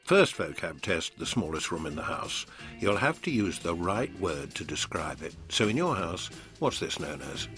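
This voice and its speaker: Male documentary narrator, low and lively, dry wit, music underneath. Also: normal speed. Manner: dry, wry delivery. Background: music bed.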